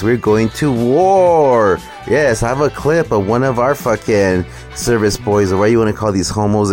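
A man's voice: fairly low pitch, darkish tone. A man hosting a ranting, profane, mocking reaction commentary. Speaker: commentary host.

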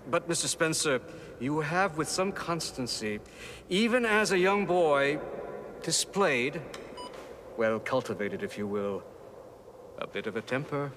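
An actor playing a formal heavenly clerk who reads out a man's life record in a measured way. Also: fairly high pitch, very animated, a bit bright, full character voice. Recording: echoey hall with background noise.

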